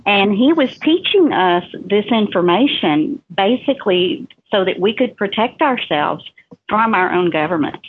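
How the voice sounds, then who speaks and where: A woman with a Southern Alabama accent chats as a guest, friendly and talkative. Her voice is husky, and she comes through a thin, tinny line like a phone call. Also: mid-range voice, lively intonation, unhurried. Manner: friendly, chatty, laughs easily. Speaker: show guest. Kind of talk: casual interview chat.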